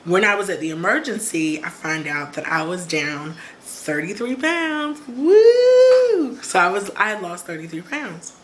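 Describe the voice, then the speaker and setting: A woman telling a personal story on her vlog, lively, acting out quoted voices. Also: lowish voice, moderate pace, hardly any pauses, slight background noise. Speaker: vlogger.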